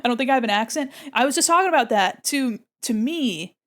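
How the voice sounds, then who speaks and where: A woman's voice: on the high side, animated, brisk, fairly bright tone. Bubbly woman streamer chatting with viewers. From United States. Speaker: streamer and illustrator. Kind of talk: casual live-stream chat while drawing.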